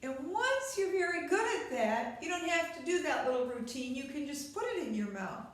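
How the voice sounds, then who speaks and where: A woman's voice: sits high, big pitch swings, normal speed, heavy reverb, background noise. A woman teaching a beginner recorder lesson, patient and step by step, speaking straight to the viewer. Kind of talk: instructional video lesson.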